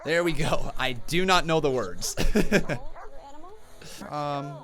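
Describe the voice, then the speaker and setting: A man hosting a live wrestling reaction stream, calling the action like an excitable commentator and chatting with viewers. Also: fairly high pitch, slow pace, soft background music.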